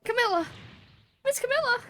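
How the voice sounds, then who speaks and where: A woman voicing a small, excitable, loyal male dog in a video game, squealing and overwrought. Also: extremely high pitch, fairly quick, soft background music, pitched above the performer's own voice. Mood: frantic. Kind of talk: video game dialogue read aloud.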